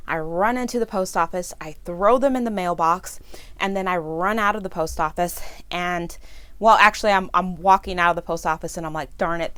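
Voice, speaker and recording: A woman's voice: lowish voice, a bit bright, no room sound. Tearful woman telling a personal story. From California. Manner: emotional, breaks into tears and apologizes while telling the story. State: tearful, voice breaking. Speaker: nonprofit founder and vlogger.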